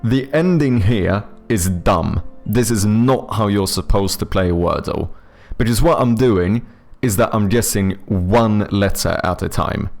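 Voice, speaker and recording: Man, deeper voice, casual stream chatter, swears, faint music behind. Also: measured pace, vocal fry, few pauses, darkish tone. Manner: thinks aloud, swears freely, chats to viewers. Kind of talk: casual live-stream chat while playing a word game.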